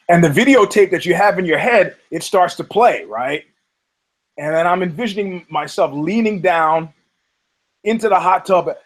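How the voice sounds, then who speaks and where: A man tells a story on his podcast in a loose, profane way. He acts out the people in it with lively voices. His voice sits a little higher than most men's. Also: moderate pace, rough recording. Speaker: podcast host. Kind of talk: casual storytelling.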